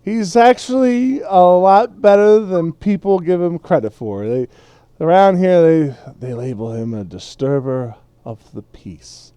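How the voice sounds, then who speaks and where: A man voicing a tipsy, cheerful male hobbit gentleman, talking in a slurred, overly grand way. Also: on the high side, lively intonation, a little slow, clean tone, no room sound, voice pushed up. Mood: boastful.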